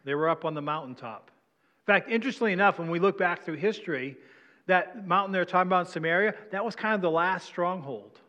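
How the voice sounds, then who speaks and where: Male pastor, chatty sermon delivery, a bit high-pitched, big reverberant sanctuary. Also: quick pace, sharp tone, muffled recording. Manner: conversational preaching, asks congregation questions. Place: church sanctuary. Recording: long hall reverb.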